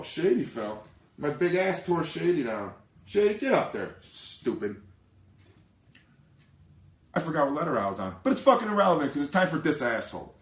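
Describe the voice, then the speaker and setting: A man's voice: fairly high pitch, a bit bright. Profane ranting man in an echoey room. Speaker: podcast host. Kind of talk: casual sports rant.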